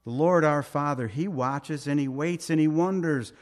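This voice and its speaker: A man's voice: fairly high pitch, normal speed. A middle-aged man preaching a sermon as pastor, earnest and conversational, asking rhetorical questions and pleading with light humor.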